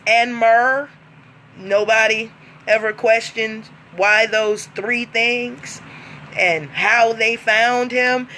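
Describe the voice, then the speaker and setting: A woman's voice: a little high, bright, forceful tone, a little hiss or hum. A woman vlogging in a casual monologue, blunt and profane, laughing often between lines.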